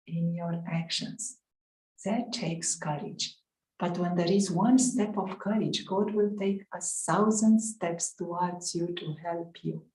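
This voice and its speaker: A woman giving an earnest, measured spiritual talk, telling a story with some uh and um fillers. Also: on the low side, darkish tone. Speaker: spiritual teacher. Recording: roomy echo.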